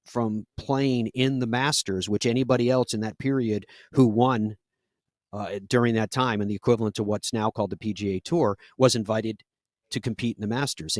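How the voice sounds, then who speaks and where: A man's voice: mid-range voice, no echo. Guy hosting a golf radio show, earnest, lots of uh's, dry studio sound. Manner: conversational, earnest storytelling with frequent fillers. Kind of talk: live radio talk show.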